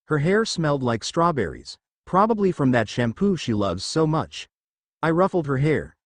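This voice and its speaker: A man reading a fan fiction story aloud, his pitch rising and falling expressively. The recording is dry and close, with no room sound. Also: no room sound. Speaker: narrator.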